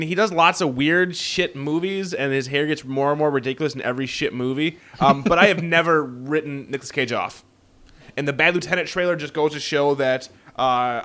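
A man co-hosting a podcast, joking around in loose, profane, animated chat. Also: a little high. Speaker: podcast co-host. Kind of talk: casual chat.

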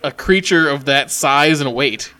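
A man's voice: fairly high pitch, measured pace, pushed and bright. A man co-hosting a casual podcast chat, rambling and swearing as he talks. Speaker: podcast co-host.

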